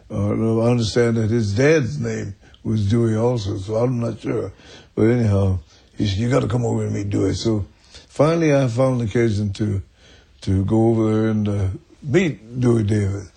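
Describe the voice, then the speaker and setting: Older man, gravelly, husky, rambling storyteller, chuckles, dark tone. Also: lowish voice, fairly even intonation, normal speed. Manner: rambling, chuckling, restarts often. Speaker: interview guest. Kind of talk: storytelling in an archive interview.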